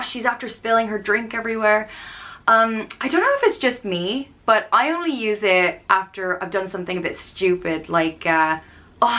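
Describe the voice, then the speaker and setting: Bright-voiced Irish woman explaining slang. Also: medium pitch. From Ireland. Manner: chatty, with many "um"s and playful acted-out example phrases. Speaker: vlogger. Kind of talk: casual explanatory vlog.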